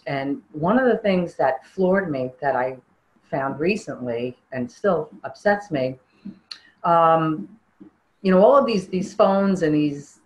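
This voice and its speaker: An older woman giving a personal testimony in an interview, earnest and halting, often restarting her sentences. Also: sits low, poor audio.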